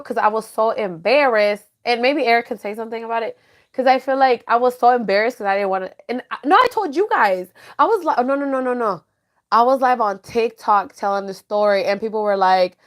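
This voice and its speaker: A woman's voice: on the high side, fairly quick. Laughing woman podcaster, casual chat. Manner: laughs often, drops Spanish words. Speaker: podcast co-host. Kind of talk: casual chat reading live comments.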